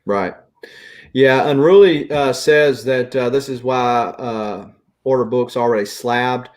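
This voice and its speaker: A man's voice: mid-range voice, slow pace. A man with a Southern US accent hosting a casual chat and ranting in an opinionated way. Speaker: host.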